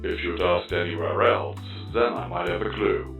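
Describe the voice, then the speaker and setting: A wry, matter-of-fact male voice crackling through a battered flying robot, put on by a man. The sound is low, staticky and dull as if from a cheap speaker in a roomy space. Plucked guitar music plays clearly behind. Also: normal speed. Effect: mechanical, staticky speaker.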